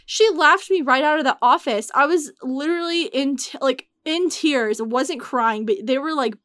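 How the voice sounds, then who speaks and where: Young woman in her twenties, slightly high voice, chatty and filler-heavy, on the edge of tears; dry, close recording. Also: moderate pace, fairly bright tone, dry recording. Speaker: guest telling her story. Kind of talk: casual podcast chat.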